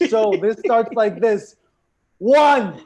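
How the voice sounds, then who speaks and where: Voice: mid-range voice, measured pace, highs cut off, very noisy. A host emceeing an online comedy show over a video call, upbeat and coaxing the audience.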